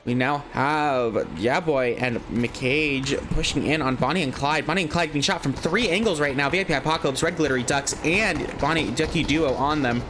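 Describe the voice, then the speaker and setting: A man casting a live online game tournament, giving chatty, excitable play-by-play and thinking aloud with questions. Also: a little high, moderate pace, hardly any pauses, a little hiss or hum. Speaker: esports caster.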